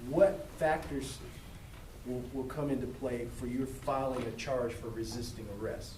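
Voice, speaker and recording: Measured male moderator, distant and echoey. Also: medium pitch, fairly even intonation, noisy background. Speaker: host, moderator.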